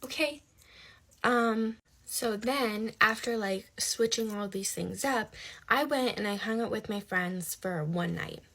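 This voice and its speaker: A woman's voice: medium pitch, takes it slowly, a bit bright. A young woman telling a personal story in casual, emphatic chat, with rhetorical asides. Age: young adult.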